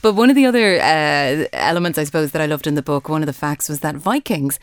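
Woman, lowish voice, friendly interviewer, dry close mic. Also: expressive, fast talker, clean tone, no echo. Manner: friendly, supportive, finishes the guest's thoughts. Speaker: book show host. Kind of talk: interviewing an author.

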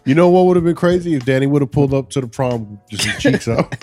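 A man's voice: medium pitch, lively intonation, fast talker, darkish tone, faint music behind. A young man in casual chat, mostly reacting with short exclamations and laughter.

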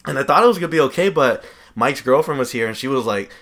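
Young male podcast co-host, relaxed storyteller, easy laughter. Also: mid-range voice, fast. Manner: laid-back, laughs often through his stories. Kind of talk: casual storytelling chat.

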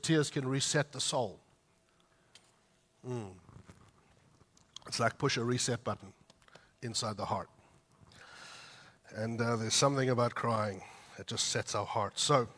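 Bright-voiced man preaching with feeling. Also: medium pitch. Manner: heartfelt, builds to loud emphatic peaks then drops soft; conversational asides with light laughs. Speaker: pastor. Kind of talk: sermon.

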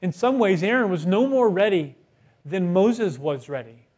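Man, high voice, pastor, conversational sermon, rhetorical questions. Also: very animated, moderate pace, a little mellow.

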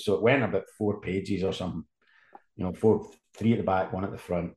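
Male journalist guest, low voice, rambling anecdotes, roomy echo. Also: steady tone, quick pace, darkish tone. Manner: rambling, storytelling with restarts. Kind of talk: casual anecdote telling.

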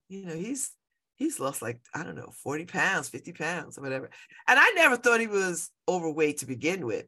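Her voice sits lowish with a sharp edge as this fifty-something show host rambles through casual personal chat. She laughs a lot and tends to say things more than once.

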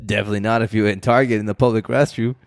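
A laid-back man co-hosting a casual podcast, with a somewhat low voice. He jokes and teases easily and laughs often, recorded close in a dry room. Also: steady tone, very fast, gravelly, no echo. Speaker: podcast co-host. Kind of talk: casual chat.

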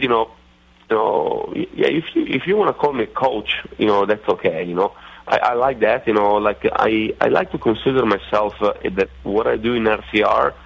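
A man with an Italian accent, a racing driver guest on a radio interview, talking haltingly with many fillers and restarts. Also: on the low side, vocal fry. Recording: dull lo-fi radio audio.

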